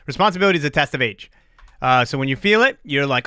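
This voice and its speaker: A man's voice: fairly high pitch, expressive, fast, sharp tone, smooth, no room sound, clean studio sound. A man in his forties hosting a podcast, ranting in a casual, profane way and laughing often. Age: 40s. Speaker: podcast host.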